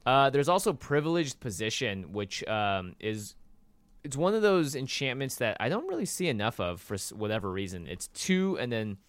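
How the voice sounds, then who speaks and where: A man's voice: mid-range voice, big pitch swings, normal speed, clear, resonant tone, no echo. A man co-hosting a card game podcast, reading card text aloud and explaining it eagerly, with lots of fillers. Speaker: podcast co-host. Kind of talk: casual chat.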